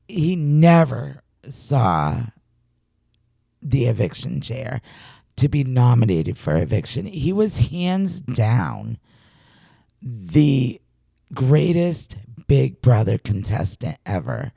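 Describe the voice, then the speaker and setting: Excitable gravelly-voiced woman host. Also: a bass voice, no room sound, clean studio sound. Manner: excitable storyteller, stammers and laughs. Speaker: podcast host. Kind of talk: casual recap chat.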